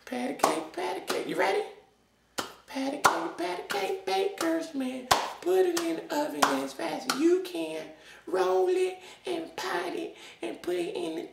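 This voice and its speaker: A woman's voice: very high voice, gravelly, exaggerated voice. Woman playing a cheeky, whiny little kid. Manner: childish sing-song chatter, whining. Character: restless little kid stuck indoors, cheeky. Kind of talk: comedic character vlog. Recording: echoey room, distant mic, faint noise.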